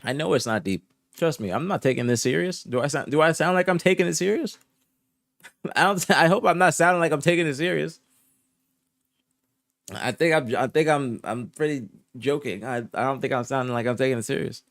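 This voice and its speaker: A soft-spoken young man chatting casually on a live stream, answering his chat in a laid-back way, dropping to low murmurs and rising to higher protests, often repeating himself. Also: fairly quick, vocal fry, no echo. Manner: drifts between low murmurs and higher indignant outbursts. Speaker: streamer reporting esports news.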